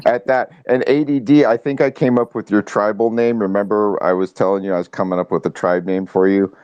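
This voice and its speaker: Deep-voiced jokey male host. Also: a little mellow, no room sound. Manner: jokey, laughing, hearty. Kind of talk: casual chat.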